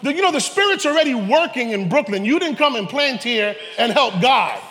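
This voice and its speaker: New preacher guy, high and bright, big echoey church, jokes around and then shouts. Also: brisk. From New York, Harlem. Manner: animated preaching with joking asides; rises to shouts at peaks. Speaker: pastor. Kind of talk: sermon. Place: church sanctuary. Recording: reverberant church hall.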